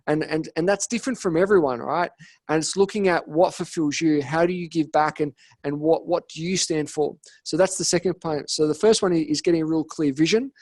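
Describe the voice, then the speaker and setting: With a voice on the high side and a dry recording, the Australian man appears as a guest on a podcast, where he coaches businesses for a living. He keeps the interview casual, telling stories energetically and playing out each quoted line in character.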